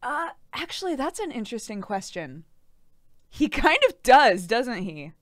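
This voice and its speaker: A woman's voice: a little high, unhurried, no echo, studio quality. A woman streaming, chatting casually and reacting to chat, often laughing and saying "like". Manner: giggly, animated, says "like" a lot.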